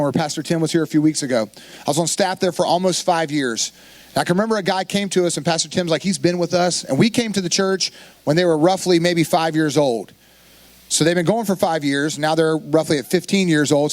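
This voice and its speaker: High-voiced animated pastor preaching. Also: male voice, dry recording. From Florida. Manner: animated, conversational preaching with quoted asides. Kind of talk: sermon.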